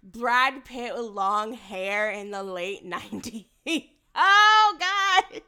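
A woman co-hosting a casual movie review podcast, animated, laughing often and swearing freely. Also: a little high, slow pace, clean tone. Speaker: podcast co-host.

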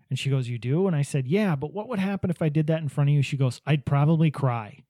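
A man's voice: fairly high pitch, quick pace, hardly any pauses, warm tone, dry recording. A man in casual chat, telling anecdotes and acting out what people said, laughing easily. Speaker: podcast host, business owner.

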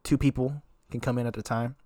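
A man co-hosting a podcast, chatting casually in a profane, animated way and telling stories. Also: medium pitch, fairly quick, no room sound, clean studio sound. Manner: profane, animated storytelling with laughs. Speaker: podcast co-host. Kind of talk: casual chat.

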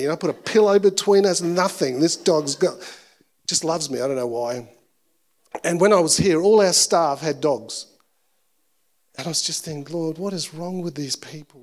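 Man, pastor, sermon, personal storytelling, animated, self-deprecating, slightly high voice. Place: church service.

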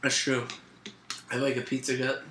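A man's voice: medium pitch, completely flat delivery, normal speed, sharp tone, a little hiss or hum. A young man co-hosting a casual podcast, telling stories in a laid-back way full of fillers, in a roomy, echoey room. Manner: laid-back storytelling with frequent fillers and laughs. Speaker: podcast co-host. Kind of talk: casual chat.

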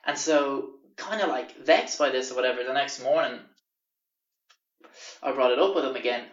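A young man casually telling a profane, animated anecdote on a podcast. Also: medium pitch, normal speed, recorded from a distance. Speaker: podcast host. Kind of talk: casual storytelling. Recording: roomy, dull lo-fi recording.

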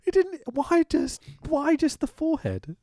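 A man's voice: very high voice, wildly swooping pitch, unhurried, dark tone, no room sound, studio quality. A man co-hosting a casual chat, swearing freely and laughing often as he mocks what he describes. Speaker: podcast co-host.

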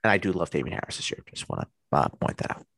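A man's voice: sits low, lively intonation, racing, vocal fry, a bit bright, dry recording. A man co-hosting a podcast, chatting casually about sports and restarting his sentences often. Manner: rambling, with many restarts and fillers. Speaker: podcast co-host.

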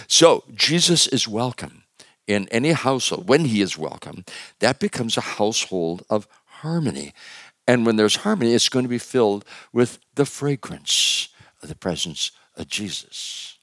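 A male pastor preaching a conversational sermon with joking asides, swinging from loud emphasis to hushed words. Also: mid-range voice, very animated, moderate pace, no room sound.

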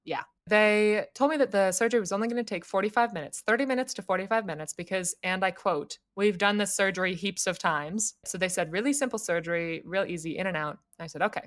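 A woman's voice: lowish voice, fairly bright tone. A young woman casually telling a story on a podcast, wry and teasing, laughing often.

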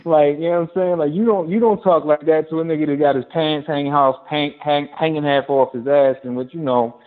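A man in casual chat, telling stories in an animated, profane way. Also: on the high side, fairly quick. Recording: tinny phone-like audio.

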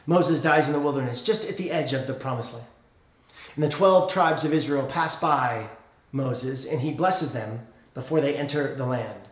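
A man preaching a sermon as pastor, telling a story earnestly and praying softly. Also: normal speed, echoey room. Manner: earnest storytelling, dropping soft and low in prayer.

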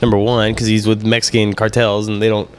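A man talking over his friends in loose, profane banter. He gets loud and animated, and he acts out little quoted scenes in mock voices. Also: on the low side, fairly quick, clear, resonant tone. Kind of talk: casual podcast banter.

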